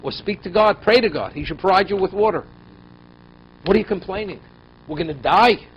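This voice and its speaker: The speaker is a man with a high voice, talking a little fast as he teaches a Torah class as a rabbi. He reads verses, then explains them in English using pointed rhetorical questions, his voice rising and dropping sharply for emphasis, all captured on a dull lo-fi recording with faint noise.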